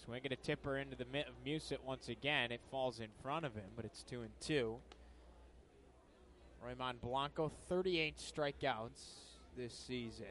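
A young man from upstate New York calls a baseball game from the booth, his voice rising sharply with each pitch before easing back into relaxed chat. His pitch sits in a middle range. The delivery is brisk and practiced. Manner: calls pitches with bursts of energy, chatty between plays. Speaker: play-by-play announcer. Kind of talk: baseball play-by-play commentary. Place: broadcast booth at a ballpark.

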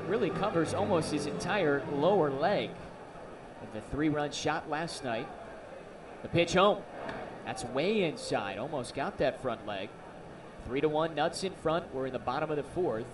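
High-voiced baseball play-by-play man. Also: recorded from a distance. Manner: excitable on big plays, jokey banter. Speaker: play-by-play announcer. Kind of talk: baseball radio commentary.

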